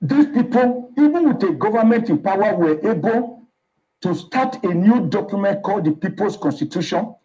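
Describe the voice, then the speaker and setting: A lawyer makes his case in a formal, measured way and lists his examples one by one. His pitch is a little high and moves a lot. The clip sounds dull and lo-fi. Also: animated, dark tone. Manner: formal, lists points steadily. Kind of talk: speech clip.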